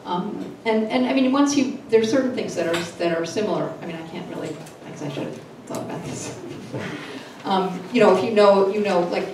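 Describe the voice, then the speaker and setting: Halting woman translator in echoey hall. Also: medium pitch. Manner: halting, many restarts and fillers. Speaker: literary translator. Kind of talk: panel discussion answers. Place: literary event hall. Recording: echoey room, distant mic, noisy.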